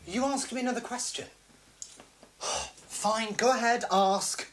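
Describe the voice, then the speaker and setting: A man's voice: high voice, slow pace, over music. A man hosting a live comedy stream, chatting playfully and joking at his own expense while reading viewer comments. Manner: playful, self-mocking, animated, jokes at his own expense. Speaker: host of a live comedy show.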